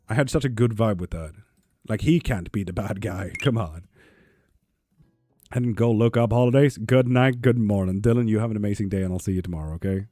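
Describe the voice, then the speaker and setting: A man's voice: on the low side, mellow, no room sound. A man chatting casually on a live tarot stream, reading viewers' comments aloud and swearing freely. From Sweden.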